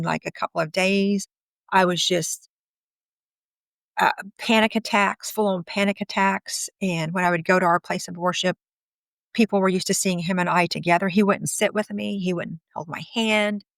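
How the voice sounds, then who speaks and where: A woman's voice: medium pitch, fairly even intonation, normal speed, creaky, fairly bright tone, dry recording, studio quality. A woman in her fifties, an interview guest, telling her own story in a candid, outspoken way with occasional laughs. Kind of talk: personal storytelling.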